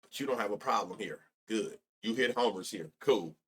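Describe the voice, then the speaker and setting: A man's voice: fairly low pitch, expressive, normal speed, breathy edge. A young man streaming live about sports bets, rambling and profane, laughing often and talking straight to his chat.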